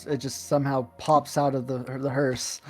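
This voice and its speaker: Brief: man, casual gamer chat, rambling and chuckly, mid-pitched. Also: flat delivery, normal speed, a little mellow, soft background music. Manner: rambling, chuckling, many restarts. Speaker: streamer playing a city-builder game. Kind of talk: casual group chat while gaming.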